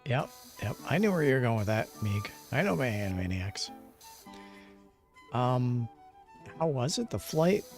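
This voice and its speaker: Male streamer, relaxed and rambling, mid-range voice, soft music underneath, easygoing chat with viewers. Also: a little slow, long pauses. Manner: rambling, low-key, chatting back to viewers. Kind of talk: casual chat while gaming.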